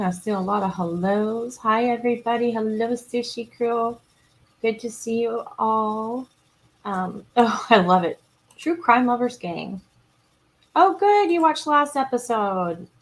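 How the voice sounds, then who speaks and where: A woman's voice: mid-range voice, fairly bright tone, slight background noise, rough recording. Chatty woman hosting a livestream. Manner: chatty, retells scenes, greets and answers viewers; frequent ums and restarts. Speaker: true crime livestream host. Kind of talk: casual livestream recap and chat reading.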